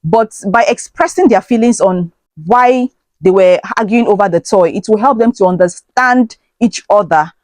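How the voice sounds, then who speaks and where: A woman's voice: medium pitch, normal speed, darkish tone, dry recording. A woman hosting a parenting channel, giving earnest, preachy advice to camera with rhetorical questions and many fillers.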